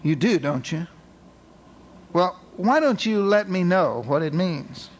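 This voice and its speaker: A man voicing an eager, curious male newspaper reporter who talks in a folksy, excited way, wondering aloud. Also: high-pitched, takes it slowly, a little hiss or hum.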